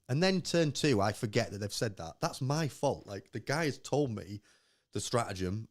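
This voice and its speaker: Here a man with a mid-range voice speaks at a moderate pace in a clean, echo-free studio recording. Co-hosting a podcast, he drinks beer and rambles through a casual chat, performing quoted remarks in lively anecdotes.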